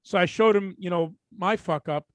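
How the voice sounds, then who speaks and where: A higher-voiced man with a New York accent trades profane jokes and stories as a podcast co-host. His voice sits close and dry on the mic, with no room echo. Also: normal speed. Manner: chiming in with quips, profane, laughing. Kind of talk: casual podcast banter.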